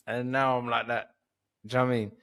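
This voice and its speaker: A man's voice: mid-range voice, little pitch movement, quick pace, creaky, a bit bright. A man chatting on a podcast as a comedian guest, tipsy and sleepy, rambling and swearing freely. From Cyprus. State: drunk and sleepy. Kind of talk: casual podcast chat.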